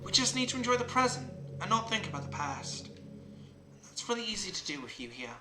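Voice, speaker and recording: Over game music in a roomy space, a streamer reads the tender lines of an affectionate teen club president from a visual novel in a half-amused, unadorned way. The medium-pitched voice swings widely in pitch, runs fairly quick and is pushed up, though still near an everyday voice. The background is noisy.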